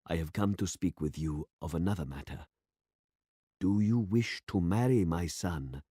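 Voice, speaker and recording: A man voicing a grave, elderly village pastor in a story read aloud, speaking slowly and formally. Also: low voice, mellow, breathy edge, no echo, clean studio sound. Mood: solemn. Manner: slow, solemn and formal.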